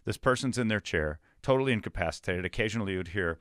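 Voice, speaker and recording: A man with a low voice hosts a comedy podcast and tells stories at a lively clip, laughing along the way. His sound is dry and close to the mic. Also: dry recording. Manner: quick, animated, laughs often. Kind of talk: casual comedic storytelling.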